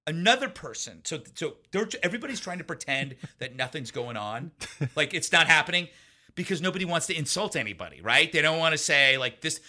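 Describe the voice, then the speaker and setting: A man with a very sharp, tense voice tells a story in a conversational interview. He sits a little high in pitch for a man and keeps it lively. He laughs often and acts out the lines of the people in his story. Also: fairly quick. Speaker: guest.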